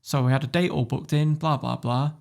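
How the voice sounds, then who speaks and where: A man from Warrington with a northern English accent, telling stories as a podcast guest in a casual, animated way, swearing freely. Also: medium pitch, fairly quick, vocal fry. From Warrington, England. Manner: animated storyteller, swears freely, laughs often. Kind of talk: casual interview storytelling.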